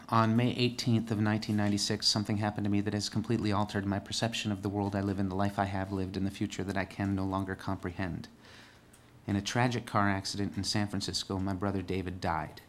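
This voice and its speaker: A man from northern California performing a theatrical storytelling monologue with dark, sardonic humor, moving between hushed, somber delivery and loud, emphatic bursts. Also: lowish voice, a little hiss or hum. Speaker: solo stage performer.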